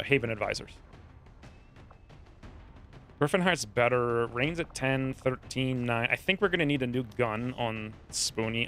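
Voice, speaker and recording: A man with a medium-pitched, fairly bright voice offers casual commentary while streaming a strategy game. His talk rambles, he's easily distracted, and he keeps slipping into side stories.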